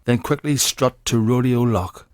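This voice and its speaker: A man with a Northern Irish accent reading a test passage aloud in a plain, measured way. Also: mid-range voice, darkish tone, no room sound.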